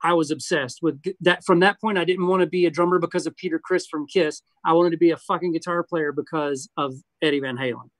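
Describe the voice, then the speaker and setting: A man's voice: fairly high pitch, quick pace, few pauses, no room sound. A man from Georgia, casually and candidly reminiscing as an interview guest. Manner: relaxed, candid, profane reminiscing. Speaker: guest musician.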